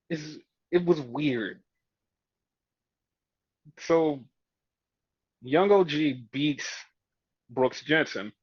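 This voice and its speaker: A man with a fairly high voice chats through a wrestling recap, swearing freely and acting out what the wrestlers said. The sound is dry and dull, like a lo-fi home recording. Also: slow, long pauses, slightly rough, dry recording. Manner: profane, animated retelling with mimicked quotes. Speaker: podcast host. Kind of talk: casual wrestling recap chat.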